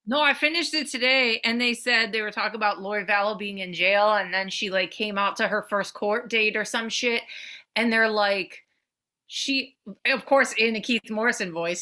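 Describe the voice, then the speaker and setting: A woman in her thirties co-hosting a podcast, chatting casually and animatedly, swearing and swinging her pitch. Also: normal speed. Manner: animated, swearing, jumps between pitch levels. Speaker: podcast co-host. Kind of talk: casual chat.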